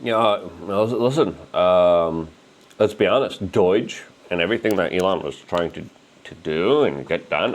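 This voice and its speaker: A man hosting a political commentary show, animated and indignant, talking with strong emphasis. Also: low-pitched, measured pace. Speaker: host.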